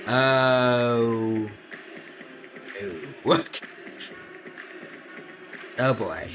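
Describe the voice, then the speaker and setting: A man's voice: mid-range voice, drawn-out words. A man streaming a turn-based game, casually talking himself through each move, with lots of fillers and restarts. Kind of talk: casual gameplay commentary. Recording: game music playing behind.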